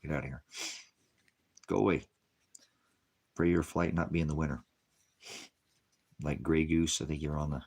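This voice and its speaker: A man's voice: extremely low pitch, creaky, a little mellow, breathy edge. A man preaching in a combative online sermon, answering comments with mockery, profanity and frequent chuckles. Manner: chuckles often between remarks.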